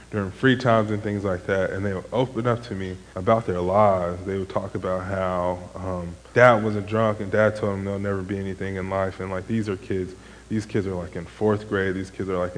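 A man's voice: fairly low pitch, big-room sound, a little hiss or hum, poor audio. A young man, a former camp counselor, giving a casual sermon testimony in a rambling way, full of "like" and "um". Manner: rambling, heavy use of "like" and "um".

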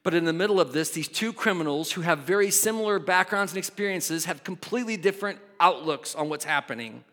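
A man preaching a sermon in an animated way, shifting from loud bursts to quiet asides. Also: a little high, brisk. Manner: animated, acts out voices, swings from loud to soft. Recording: long hall reverb.

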